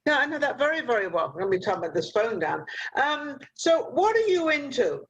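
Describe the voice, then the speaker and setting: A woman's voice: high-pitched, very animated, moderate pace, husky, poor audio. An older woman hosting a talk show over a video call, giving rambling, motherly advice with lots of fillers. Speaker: host.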